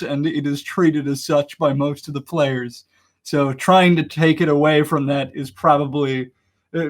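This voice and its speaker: A man hosting a casual online community meeting, rambling with lots of fillers and laughs. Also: a little high.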